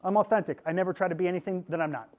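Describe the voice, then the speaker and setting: A middle-aged man from Pennsylvania, a podcast host, giving a lively classroom talk in a goofy, animated way and often checking in with "okay?". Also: high-pitched, racing, highs cut off.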